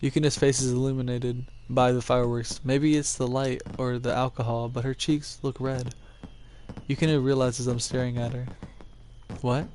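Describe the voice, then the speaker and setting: A man playing a story game on stream, reading the lines aloud and reacting loudly with swearing and laughter. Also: mid-range voice, little pitch movement, normal speed, slight background noise. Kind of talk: game let's play with read-aloud dialogue.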